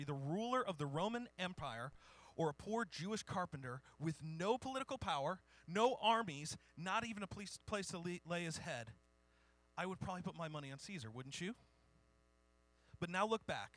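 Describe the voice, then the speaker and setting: Male pastor, high bright voice, dry close sound; relaxed sermon delivery with read-out quotes. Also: no room sound. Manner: informal, self-deprecating, reads historical quotes.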